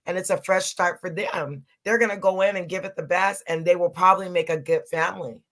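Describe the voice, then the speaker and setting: A woman's voice: on the low side, fairly even intonation, a little fast, fairly bright tone. A middle-aged woman co-hosting a podcast in casual chat, laughing often and repeating herself for emphasis. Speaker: podcast co-host.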